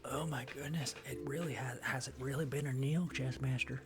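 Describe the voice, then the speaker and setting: A man's voice: mid-range voice, steady tone, a little fast. A man streaming live, chatting casually in a joking, rambling way with frequent laughs.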